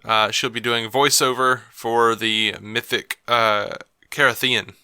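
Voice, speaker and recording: A man's voice: mid-range voice, little pitch movement, slow, bright, forceful tone, clear, resonant tone, no echo, clean studio sound. A man co-hosting a film podcast, chatting casually and passing on news with joking asides. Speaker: podcast co-host. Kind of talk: casual chat.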